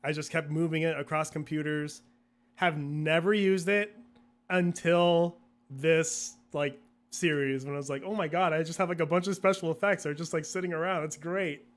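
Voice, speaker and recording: A man's voice: on the high side, steady tone, moderate pace. A young man chatting as an interview guest, rambling and laughing often, acting out his own thoughts in quotes. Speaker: guest, video creator. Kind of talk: casual interview chat.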